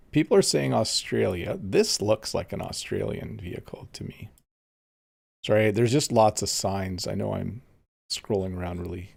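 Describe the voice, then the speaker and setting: A Canadian man teaches English on a relaxed live stream, chatting easily and reading viewer comments aloud as he plays a game. His voice is fairly low, creaky, and a little mellow.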